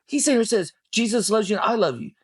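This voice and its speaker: A middle-aged man, a podcast guest, telling a personal story in casual talk, swearing freely and acting out what people said in a raised, animated voice. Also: high voice, fast talker, slightly rough, dry recording, studio quality. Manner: animated, swears, acts out quoted lines in a raised voice.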